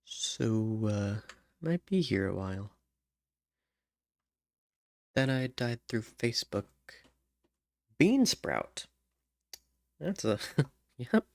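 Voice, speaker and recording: A man mutters to himself at a computer, slow and halting as he works on song lyrics. Between tries he hums wordless tunes. His voice sits close and dry, with no room sound. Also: fairly low pitch, sing-song, creaky, darkish tone, no room sound. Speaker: songwriter. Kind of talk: thinking aloud while writing lyrics.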